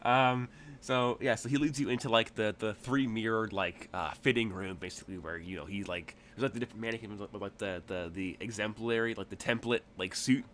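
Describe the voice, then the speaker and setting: A man's voice: fairly low pitch, fairly quick, few pauses, a bit bright, a little hiss or hum. A man narrating a tabletop game as game master, rambling through his descriptions with many fillers.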